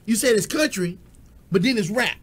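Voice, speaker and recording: A man with a strikingly high voice co-hosts a casual music talk show. He launches into animated, profane rants full of jokes, shouting when he gets worked up. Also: moderate pace, slightly rough. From Texas. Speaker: co-host. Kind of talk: casual radio-style chat.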